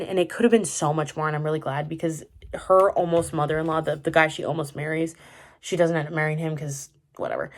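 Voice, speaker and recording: Young woman vlogger, low voice, loose rambling delivery with lots of fillers. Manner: rambling, many "like" fillers and restarts. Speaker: vlogger reviewing a TV drama. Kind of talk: casual chat.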